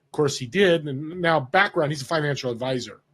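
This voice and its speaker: A man's voice: fairly high pitch, a little fast, husky. A man in his fifties from Northern California, a podcast guest telling a story and acting out the voices of people he quotes. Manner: animated storyteller who acts out quoted voices. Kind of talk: casual storytelling interview.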